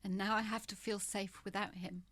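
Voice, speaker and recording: A woman's voice: medium pitch, little pitch movement, normal speed, a bit bright. A woman in her fifties, a guest in an interview, speaking frankly and emphatically with wry humor. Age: 50s. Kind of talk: candid interview conversation.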